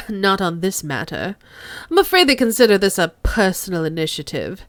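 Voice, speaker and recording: A woman voicing a poised, unperturbed middle-aged negotiator who speaks in a measured, formal way. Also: mid-range voice, sing-song, dry recording, close to an everyday voice. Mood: composed.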